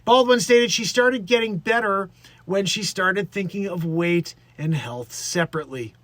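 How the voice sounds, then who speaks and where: A man with a fairly high voice hosts comedy news, reading headlines and then veering off into mocking asides. He stammers, restarts and interrupts himself, and the sound is dry and close. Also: a little slow, a bit bright, no room sound. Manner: rambling, self-interrupting, mocking. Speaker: comedy news show host.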